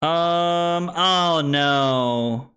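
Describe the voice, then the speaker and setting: A young man with a bright, slightly high voice streams a card game live. He talks through each play and chats with viewers, teasing himself along the way. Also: extremely slow, clean tone. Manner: playful, self-deprecating, chatting with viewers while playing.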